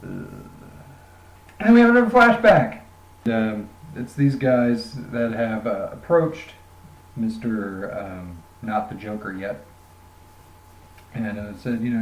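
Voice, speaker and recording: A man's voice: fairly low pitch, animated, takes it slowly, long pauses. A man casually reviewing a graphic novel, rambling and joking with lots of fillers. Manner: rambling, jokey, many fillers. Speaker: comic book reviewer. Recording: roomy echoey room.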